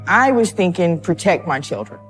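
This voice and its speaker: A nervous woman speaks in a slightly low voice during a documentary interview. Her speech is halting and hesitant, and she often stops to repeat words. Faint music plays underneath. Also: very animated, a bit bright. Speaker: interviewee in a true crime documentary. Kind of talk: emotional interview testimony.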